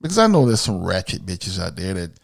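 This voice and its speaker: A man's voice: sits low, wildly swooping pitch, a little fast, vocal fry, no echo, studio quality. A man from Miami hosting a podcast, ranting bluntly and profanely in an opinionated solo monologue. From Miami, USA. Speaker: podcast host.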